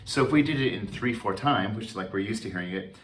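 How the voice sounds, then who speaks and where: A man, a choral conductor, giving a relaxed and chatty talk, with many fillers and restarts. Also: fairly low pitch, fast talker, a little hiss or hum. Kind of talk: informal talk.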